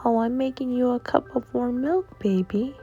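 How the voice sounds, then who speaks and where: A woman's voice: fairly high pitch, normal speed, mellow, lo-fi sound, soft background music, pitched above the performer's own voice, natural voice. A woman voicing a loving mother who sweetly comforts her little son. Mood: comforting. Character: tender loving mother of a small boy.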